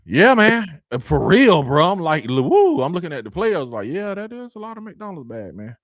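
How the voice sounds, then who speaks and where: Animated man hosting sports talk. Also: sits high, moderate pace, hardly any pauses, no echo, studio quality. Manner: animated, greets viewers by name, slangy. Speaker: sports talk show host. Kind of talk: casual sports chat.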